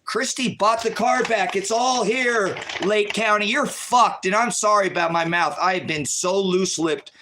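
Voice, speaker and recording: A stressed man rambling through an agitated live-stream rant, jumping between loud outbursts and low muttering. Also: moderate pace, hardly any pauses.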